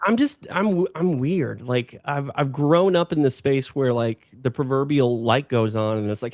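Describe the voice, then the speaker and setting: A man with a slight Minnesota accent, a longtime combat sports announcer, chatting as a podcast guest in a low-key, unprojected everyday voice. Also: normal speed, few pauses, a little mellow, no echo, studio quality. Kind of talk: casual interview chat.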